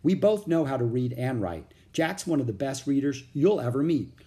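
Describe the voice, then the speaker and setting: A man's voice: medium pitch, very animated, moderate pace, dark tone, natural voice. A man voicing a cheerful, bold young girl who speaks up readily. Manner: upbeat, chirpy.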